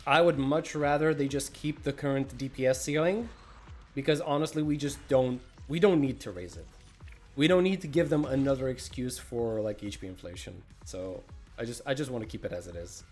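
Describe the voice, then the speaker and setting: A man's voice: mid-range voice, a little fast, darkish tone, faint music behind. A man streaming a game, chatting casually, greeting viewers by name and snacking as he talks. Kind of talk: casual livestream chat.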